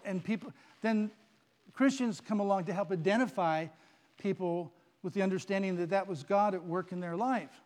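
A male pastor in the middle of a sermon, speaking in a notably high voice. He preaches in an animated, playful storytelling manner. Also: moderate pace.

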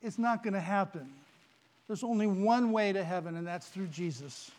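A man preaching a sermon, telling stories in an animated, playful way. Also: high voice, normal speed. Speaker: pastor.

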